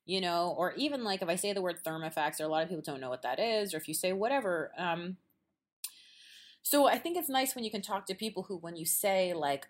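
A woman hosting a podcast in casual chat, animated and quick to act out quoted voices, laughing often. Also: fairly low pitch. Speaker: podcast host. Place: at a quilt show.

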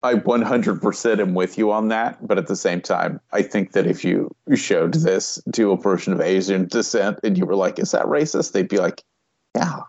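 A man's voice: low voice, fairly even intonation, moderate pace, hardly any pauses, a little mellow, dry recording, lo-fi sound. A man co-hosting a podcast, talking bluntly and swearing freely in a casual movie chat. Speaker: podcast co-host.

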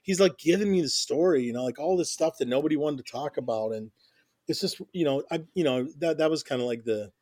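A man's voice: on the high side, fairly quick, darkish tone, no echo, studio quality. Middle-aged man telling rambling stories. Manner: rambling, stacked restarts, constant "you know". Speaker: interview guest, music journalist. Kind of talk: casual storytelling interview.

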